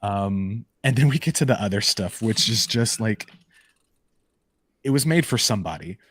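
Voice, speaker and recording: A man co-hosting a podcast, casually retelling comic book stories in an animated way with lots of "like" and "um". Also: lowish voice, moderate pace, slight background noise. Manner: animated storytelling full of "like" and "um" fillers. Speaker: podcast co-host. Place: live podcast recording.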